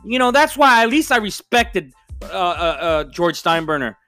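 A man's voice: sits high, sing-song, normal speed, pushed and bright, soft background music. Fired-up profane New man ranting. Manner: profane, fired-up, emphatic with repeated stammering restarts. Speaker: sports fan commentator. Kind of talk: heated solo rant.

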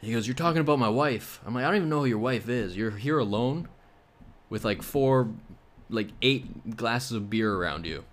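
A man's voice: mid-range voice, lively intonation, moderate pace. Young male podcast host from Canada, mid-range voice, loose rambling delivery full of wisecracks. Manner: rambling, joking, sarcastic asides. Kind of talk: casual solo podcast chat.

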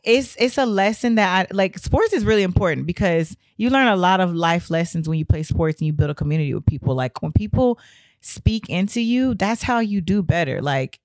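Young woman, hoarse, lively storyteller, casual slangy talk, dry close sound. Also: lowish voice, no room sound. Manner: animated, swearing, laughs often, slangy. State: hoarse from a lost voice.

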